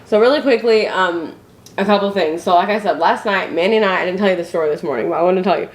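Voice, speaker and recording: A young woman from Indiana, a family vlogger, tells a story to the camera indoors at her home, chatty and full of fillers and restarts. Her voice is on the low side and she talks fast, with an echoey room and faint noise in the recording.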